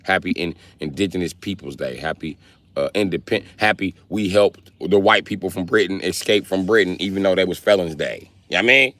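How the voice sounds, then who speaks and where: A man from the Milwaukee area doing a comedic livestream rant, profane and animated as he tells stories. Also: deep voice, a little fast, dry recording. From Milwaukee area, United States.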